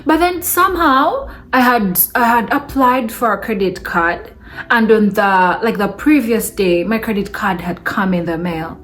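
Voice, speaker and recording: Animated woman telling a story. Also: medium pitch, a little slow. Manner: animated, laughs between remarks. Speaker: vlogger. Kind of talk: casual storytelling.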